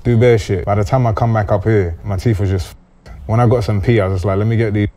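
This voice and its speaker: A man's voice: fairly low pitch, fairly even intonation, fast, warm tone. A young man, raised in the Caribbean, telling brash, slangy stories as a guest in a casual chat.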